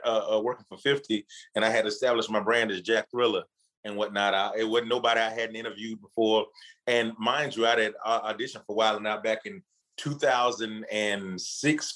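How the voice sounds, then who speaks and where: A man's voice: lowish voice, normal speed, rough recording. A man guest in a casual interview, telling a story in loose, profane street slang and acting out the people he quotes. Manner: animated storyteller, acts out quotes with laughs.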